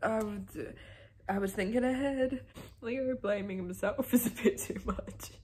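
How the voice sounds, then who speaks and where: A woman's voice: mid-range voice, measured pace, a little mellow. A young woman from Australia, chatting casually and emotionally about a book and reading passages aloud, swearing freely. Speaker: book vlogger. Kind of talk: casual reading reaction vlog.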